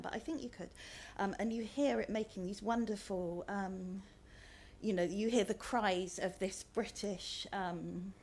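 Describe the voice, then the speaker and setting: A woman's voice: mid-range voice, darkish tone, slight background noise. A woman author giving a chatty talk with slides, hesitant and full of ums. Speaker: author, guest speaker.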